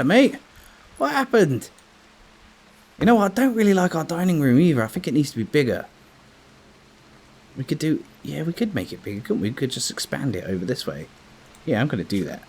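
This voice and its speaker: A man giving casual gameplay commentary as a let's play host, thinking aloud and chatting to his game characters. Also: on the low side.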